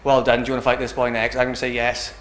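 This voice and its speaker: A man's voice: mid-range voice, monotone, rapid-fire, a bit bright, echoey room, slight background noise. A young man from Britain, an MMA fighter talking casually after a win, rambling and often asking "do you know what I mean". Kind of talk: post-fight interview.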